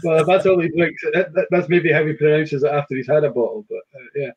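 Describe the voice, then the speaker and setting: A man's voice: fairly high pitch, steady tone, fast, husky, lo-fi sound. Man hosting a whisky chat, full of fillers. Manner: hesitant, many fillers and restarts. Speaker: whisky shop host. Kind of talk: casual online chat.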